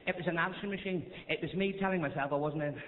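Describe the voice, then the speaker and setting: A man with a Northern Irish accent doing stand-up one-liners on a theatre stage, chatty and coaxing the crowd between rapid gags. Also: on the high side. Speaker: stand-up comedian. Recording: echoey theatre, tinny thin sound, noisy. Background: audience laughter.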